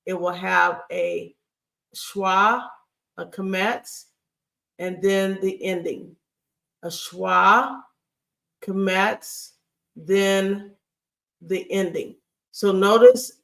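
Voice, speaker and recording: A woman teaches a grammar lesson over slides at an unhurried pace. Her voice has a gravelly fry to it. She sounds set back from the microphone, and she patiently repeats herself with plenty of fillers. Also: medium pitch, distant mic. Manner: patient, repeats key points, many fillers and checks like "okay?". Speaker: Hebrew teacher. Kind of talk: recorded video lecture over slides.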